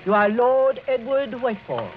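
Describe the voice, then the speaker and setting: A French-accented housekeeper. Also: female voice, a little high, very animated, normal speed. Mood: formal. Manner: formal broken English, deferential. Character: French housekeeper, stiff and servile. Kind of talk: 1940s radio acting. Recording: lo-fi old radio with music behind.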